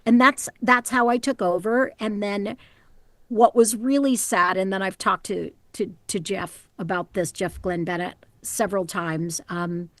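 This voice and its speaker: A middle-aged woman voice actor talking in a casual interview from her home closet booth, animated and quick to slip into character voices. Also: mid-range voice, no room sound. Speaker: voice actor guest.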